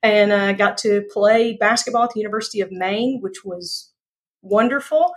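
A woman's voice: medium pitch, normal speed. A woman, a guest speaker talking in a folksy, emphatic way and repeating phrases for effect. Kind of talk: casual interview chat.

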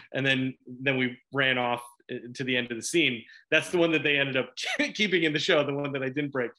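A middle-aged man from Chicago, an actor chatting in an interview, animated and quick to laugh, with lots of restarts. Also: medium pitch. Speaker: actor guest. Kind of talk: casual interview chat.

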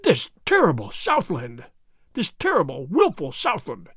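A man voicing a weary, pompous colonial governor who gives in grudgingly, in a slow, lower voice. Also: huge pitch swings, fairly bright tone, slightly rough, no echo, clean studio sound, heavily acted. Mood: exasperated. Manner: exasperated, weak and grudging.

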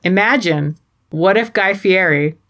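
A woman's voice: lowish voice, unhurried, a bit bright. Wry, sweary American woman podcaster. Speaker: podcast co-host. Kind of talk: casual chat recapping a show.

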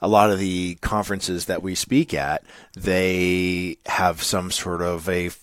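A very low-voiced man with a New England accent talks through a podcast conversation. He is earnest and meandering, full of fillers and restarts. The sound is close and dry. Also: little pitch movement, slow, fairly bright tone, no room sound. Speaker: podcast co-host.

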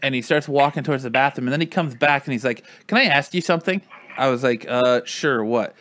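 A man's voice: mid-range voice, fairly even intonation, quick pace, fairly bright tone, no echo. A man in casual chat with friends, telling a long story in a rambling way, full of "like" and acted-out quotes.

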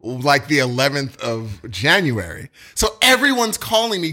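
A man's voice: medium pitch, very animated, a little slow, hardly any pauses, sharp tone, slight background noise. A man co-hosting a podcast, chatting casually and telling a story with lots of laughter. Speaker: podcast co-host. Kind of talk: casual chat.

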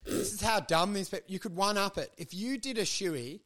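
A man's voice: sits high, a little fast. A man hosting a podcast, trading crude, profane comedic banter and riffing animatedly. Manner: animated, profane, launches into mocking voices. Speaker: podcast host.

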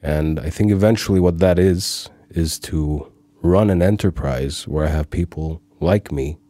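Low mellow-voiced man chatting casually. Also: a little slow, dry recording. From Cyprus. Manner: chatty, laughs easily, slips into accent impressions. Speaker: voiceover artist and sound editor. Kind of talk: casual conversation.

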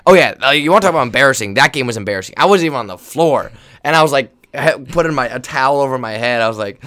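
A young man, a volleyball player co-hosting a casual chat, telling animated stories with quoted voices and frequent laughter. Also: mid-range voice, rapid-fire. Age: young adult. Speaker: volleyball player and podcast co-host.

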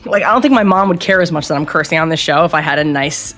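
A woman's voice: deep voice, quick pace, fairly bright tone, soft background music. A woman co-hosting a podcast, giving blunt, opinionated takes and swearing freely. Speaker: podcast co-host. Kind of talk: casual podcast chat.

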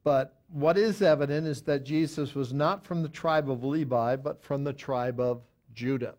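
A man's voice: medium pitch, normal speed, a little mellow. A man teaching a Bible study, talking unscripted with many fillers and self-corrections, and reading verses aloud with added emphasis.

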